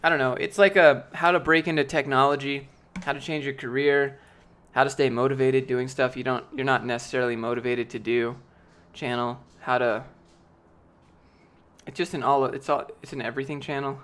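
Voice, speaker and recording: A man's voice: mid-range voice, fairly even intonation, normal speed, a bit bright. A young man chatting casually on a live stream, answering chat with rambling, jokey, profane talk.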